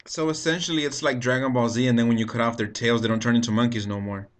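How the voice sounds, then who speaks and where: A man's voice: mid-range voice, steady tone, quick pace. A man guesting on a podcast, chatting casually, asking curious questions and acting out little ordering scenes. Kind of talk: casual chat.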